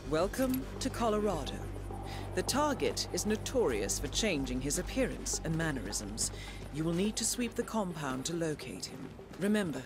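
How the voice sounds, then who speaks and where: A cool composed game handler briefing an assassin, voice rises and falls a lot, music right behind. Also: female voice, lowish voice. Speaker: mission handler in a video game. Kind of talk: scripted mission briefing.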